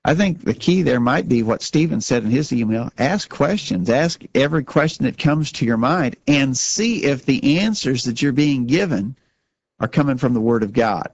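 A man's voice: mid-range voice, expressive, normal speed, no echo, lo-fi sound. A man co-hosting a religious talk show, speaking earnestly and often repeating words as he starts a sentence. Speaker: radio show co-host.

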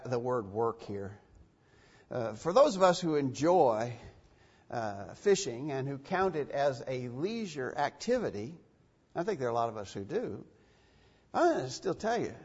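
A man preaching in a husky, fairly high voice, pressing his points and repeating phrases to drive them home. His words ring out with a long echo through a church hall. The recording sounds dull and lo-fi. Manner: emphatic, repeats phrases for stress. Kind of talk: sermon.

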